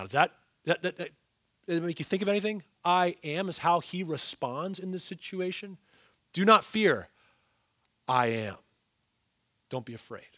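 A man preaching a sermon in a fairly high voice. He asks his listeners rhetorical questions and swings from raised, emphatic lines to hushed ones. The sound is close and dry, with no room echo. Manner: expressive, rhetorical questions to the congregation, sudden soft drops. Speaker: pastor.

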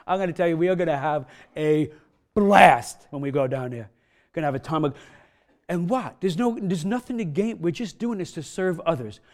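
Male pastor, slightly high voice, casual sermon with emphatic builds. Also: lively intonation, normal speed.

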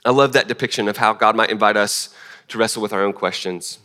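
A man preaching a sermon in a relaxed, conversational way, full of restarts and self-deprecating asides. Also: lowish voice, fast. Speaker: pastor.

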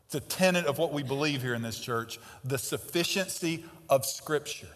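Emphatic preacher in a reverberant church. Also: male voice, mid-range voice, moderate pace. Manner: emphatic preaching, swings between loud stresses and quiet asides. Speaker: pastor. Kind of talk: sermon. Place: church sanctuary.

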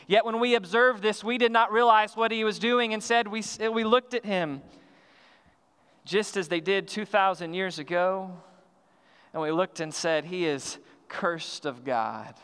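High, bright-voiced man preaching a sermon. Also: fairly even intonation, clean tone, long reverb tail. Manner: earnest, measured preaching with slowed emphatic phrases and some restarts. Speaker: pastor. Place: church sanctuary.

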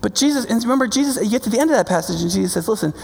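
A male pastor preaching in a loose, conversational way, tossing in quick asides to his listeners. His voice has a gravelly edge. The sound carries a long reverb, as in a large hall. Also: sits high. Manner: conversational, animated preaching with frequent "right?". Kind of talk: sermon.

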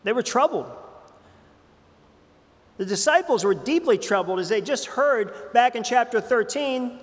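A man's voice: very high-pitched, expressive, unhurried, big-room sound. A man preaching a sermon as pastor, talking in a conversational way with frequent fillers and restarts, heard in a church sanctuary.

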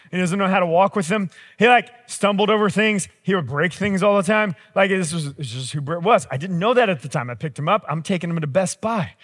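High-voiced pastor in a reverberant hall. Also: male voice. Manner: conversational, animated, acts out quoted voices. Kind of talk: sermon with storytelling. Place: large church auditorium.

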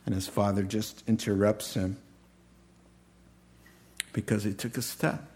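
A man's voice: lowish voice, steady tone, measured pace, darkish tone. A middle-aged male preacher delivering a folksy, humorous sermon, chuckling at his own lines.

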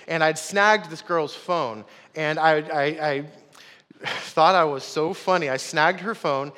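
A man's voice: on the high side, fairly bright tone. A young man, a pastor, telling a story in a sermon and calling the congregation y'all. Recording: long hall reverb.

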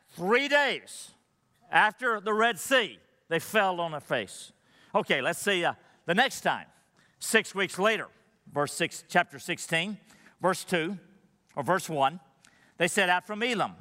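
A man preaching in a high, bright voice that carries a long reverb from a large hall. He delivers his sermon conversationally, putting rhetorical questions to the congregation. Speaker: pastor.

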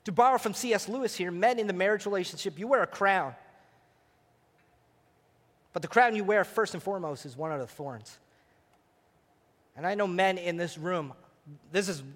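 A man preaching a sermon as pastor, animated and playful, speaking to a congregation. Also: fairly high pitch, long reverb tail. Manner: animated, preacherly, acts out voices. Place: church sanctuary.

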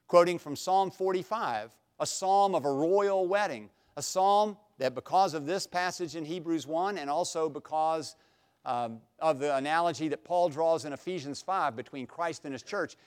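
A middle-aged male preacher with a slightly high, smooth and resonant voice. He teaches in a folksy, self-deprecating way, dropping to quiet asides and then rising to loud, emphatic bursts. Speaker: pastor. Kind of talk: expository sermon.

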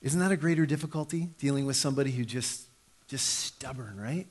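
A man in his thirties preaching a sermon in a conversational way, acting out the voices he quotes. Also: fairly quick. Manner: conversational, acts out quoted voices with sudden pitch jumps. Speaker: pastor.

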